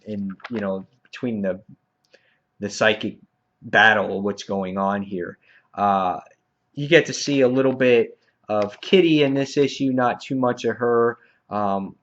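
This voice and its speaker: A man's voice: mid-range voice, a bit bright, muffled recording. A man giving a casual, rambling comic book review, full of fillers and chuckles. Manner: rambling, many fillers, laughs while recounting scenes.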